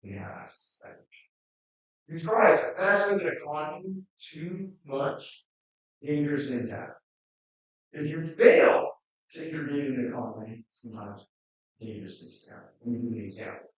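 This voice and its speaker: Male lecturer, lively and conversational; slightly high voice, distant dull recording. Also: normal speed, heavy reverb. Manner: conversational, animated, acts out quotes. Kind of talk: classroom lecture.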